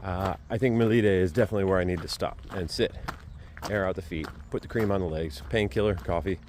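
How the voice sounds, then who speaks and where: A man's voice: sits low, fairly quick. A man talking casually to his camera while walking outdoors, chatty and joking to himself. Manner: chatty, rambling, self-joking. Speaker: vlogger walking a pilgrimage. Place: outdoors, walking through a town. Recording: outdoor street noise.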